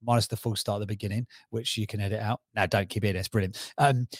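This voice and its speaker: A man with a Cockney accent, talking as a guest on a podcast interview, enthusiastic and persuasive with quick restarts. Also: lowish voice, steady tone, husky, dry recording, studio quality. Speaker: podcast guest, brand strategist.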